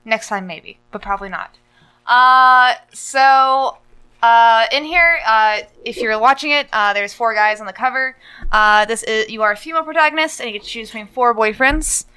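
A woman's voice: a little high, normal speed, bright, forceful tone, clean tone, low-quality recording. A woman on a podcast, chatting casually and rambling with lots of "uh" and "like". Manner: rambling, full of "uh" and "like". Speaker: podcast co-host. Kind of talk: casual chat.

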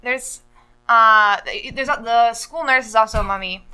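A woman's voice: fairly high pitch, moderate pace, sharp tone, smooth, soft background music, low-quality recording. A woman on a podcast, chatting casually and rambling with lots of "uh" and "like". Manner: rambling, full of "uh" and "like". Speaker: podcast co-host. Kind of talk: casual chat.

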